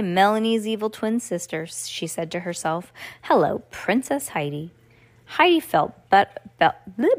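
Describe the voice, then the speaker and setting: A woman reading a children's book aloud at home, casually stopping to comment and restart lines. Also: medium pitch. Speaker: reader.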